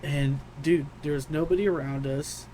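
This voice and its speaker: A man's voice: fairly high pitch, steady tone, normal speed, warm tone, slight background noise, poor audio. A young man co-hosting a podcast in casual chat, laid-back and calling everyone "dude". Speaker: podcast co-host.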